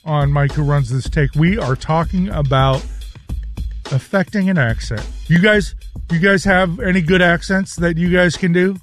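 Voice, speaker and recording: A man's voice: a little high, moderate pace, soft background music. A man leading his own segment on a radio show in easygoing casual banter. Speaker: segment contributor.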